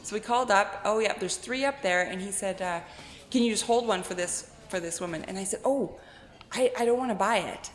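A woman author telling animated anecdotes in a casual interview, acting out quotes and laughing often. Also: medium pitch, fairly quick, slight background noise. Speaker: guest author and blogger. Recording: echoey room with long reverb.

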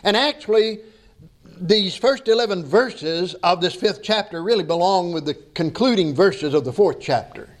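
A man's voice: high voice, animated, moderate pace. A man preaching a sermon to his congregation, reading scripture and then joking with the people in a folksy way. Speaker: pastor. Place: church sanctuary.

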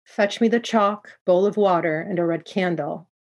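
A woman's voice: lowish voice, normal speed, darkish tone. Woman voicing a stern old witch granny. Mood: commanding. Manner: curt, firm orders.

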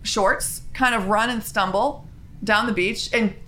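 Bright, chatty woman telling a story. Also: medium pitch. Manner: chatty, animated, with quick asides and restarts. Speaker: spiritual vlogger. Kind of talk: casual spiritual storytelling.

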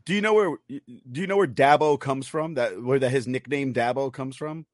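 A man with a New York accent hosts a podcast in a medium-pitched, easy voice. He chats eagerly, laughs a lot and stumbles over his starts. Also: moderate pace. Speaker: podcast co-host. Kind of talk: casual interview chat.

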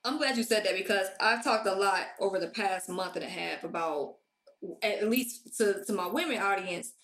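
A woman's voice: mid-range voice, moderate pace, a bit bright, a little hiss or hum. Confident woman host in an echoey room. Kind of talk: casual podcast conversation.

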